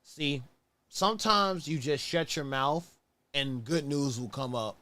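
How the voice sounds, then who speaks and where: A man's voice: fairly high pitch, measured pace, bright, forceful tone. A man hosting a casual sneaker review show, talking in a laid-back, rambling way, often correcting himself and sounding tired. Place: at home on camera, moving around.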